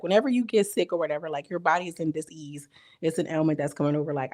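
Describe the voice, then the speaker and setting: Young woman, slightly hoarse, slangy, animated, casual recap vlog. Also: low-pitched. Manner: chatty, slangy, animated retelling. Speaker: reality TV recap vlogger.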